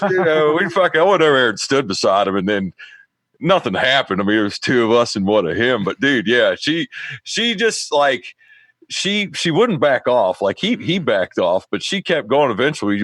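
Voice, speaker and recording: A man on a casual podcast, telling a lively story full of acted-out quotes and swearing. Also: mid-range voice, no room sound. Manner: animated storyteller, acts out quotes, swears freely.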